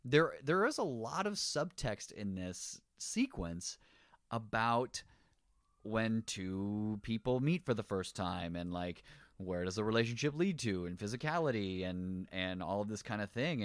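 Lively man chatting about a film. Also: on the low side, a little slow, no echo. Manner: animated, laughs often, acts out quoted lines. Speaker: podcast co-host. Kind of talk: casual film discussion. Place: living in a city.

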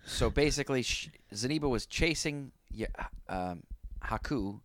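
A man co-hosting a podcast, calmly explaining plot points in a casual chat. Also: mid-range voice, a little slow, no room sound. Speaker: podcast co-host. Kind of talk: casual chat recapping a film.

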